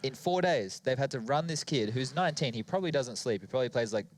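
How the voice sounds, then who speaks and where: Fast-talking playful male co-host. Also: medium pitch, animated, no room sound. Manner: playful, joking, rambling. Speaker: esports co-host. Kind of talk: casual studio desk chat.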